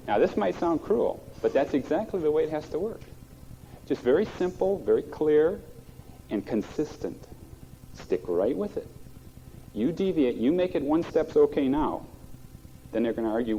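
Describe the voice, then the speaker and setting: Pastor with a dark, muffled voice. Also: male voice, a little high, expressive, normal speed, pauses often. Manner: plainspoken, folksy, practical. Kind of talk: sermon. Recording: muffled old cassette recording.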